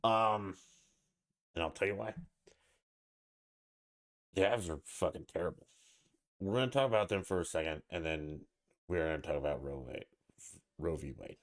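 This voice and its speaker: A man's voice: sits low, normal speed, long pauses. A man hosting his own podcast alone, talking in a blunt, irritated and profane way. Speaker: podcast host. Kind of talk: casual solo podcast rant.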